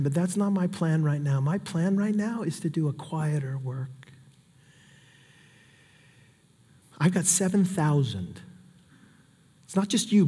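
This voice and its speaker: A patient, fatherly God speaks softly and calmly, as a preacher voices him. The tone stays low and reassuring, and it is carried on a long reverb through a large hall. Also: husky. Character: patient gentle God, male, calm and fatherly.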